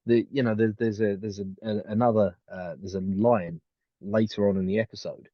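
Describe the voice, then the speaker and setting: Brief: male podcast co-host, lowish voice, rambling with fillers, muffled dead-dry mic. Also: steady tone, moderate pace, no echo. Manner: rambling, many restarts and fillers. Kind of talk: casual chat.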